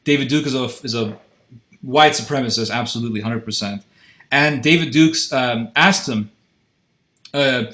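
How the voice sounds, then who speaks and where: A man's voice: mid-range voice, moderate pace, pauses often, bright, forceful tone. A man interviewing a guest in a confrontational way, pressing and interrupting with challenges. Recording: roomy echoey sound.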